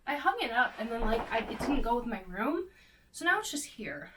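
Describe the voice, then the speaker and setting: Young female vlogger, slightly high voice, casual bubbly chat at home. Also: very animated, fairly quick, noisy background. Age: young adult. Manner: bubbly, chatty, self-deprecating. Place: bedroom at home.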